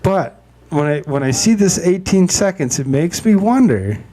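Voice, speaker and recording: A man's voice: sits high, animated, normal speed, warm tone. A man co-hosting a casual commentary chat, hesitant and wry, often repeating words. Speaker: co-host.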